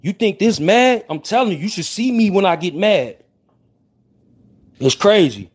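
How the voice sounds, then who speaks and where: Brash high-voiced man from Chicago. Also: expressive, a little slow, husky. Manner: brash, street slang, keeps repeating apologies. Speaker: livestream host. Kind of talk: casual livestream chat.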